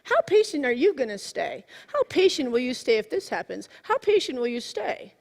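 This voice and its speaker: A woman in her forties giving a sermon, telling a personal story in a lively way that swings from hushed to exclaiming. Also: sits high, moderate pace, vocal fry, few pauses. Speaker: minister. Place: church sanctuary. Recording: long hall reverb.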